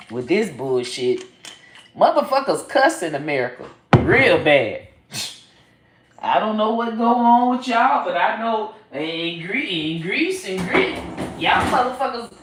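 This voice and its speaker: High-pitched, cussing comic woman. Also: a little hiss or hum. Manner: profane, loud, rambling. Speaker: comedian host. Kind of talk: live-stream comic rant. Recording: echoey room.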